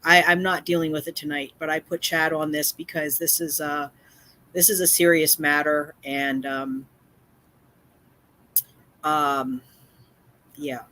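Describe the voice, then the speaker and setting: Deep-voiced and steady, this livestream host and community cat caretaker speaks at a measured pace with frequent pauses, her tone pushed and bright. She's shaken and upset as she tells her chat about a neighbor, full of fillers, restarts and emphatic repetition.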